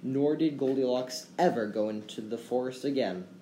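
A man reading a children's fairy tale aloud as a storyteller, with gentle, expressive delivery. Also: mid-range voice, normal speed. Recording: roomy echo, faint background hum.

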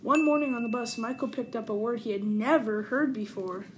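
A woman's voice: fairly high pitch, brisk, noisy background. Woman reading a children's book aloud. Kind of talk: storybook read-aloud.

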